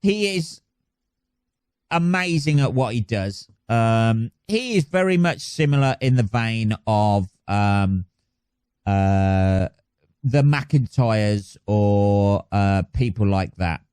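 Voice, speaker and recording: A man's voice: fairly low pitch, animated, takes it slowly, a little mellow, clear, resonant tone, dry recording. Rambling sweary male podcast host. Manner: rambling, sweary, self-mocking. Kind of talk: casual solo podcast chat.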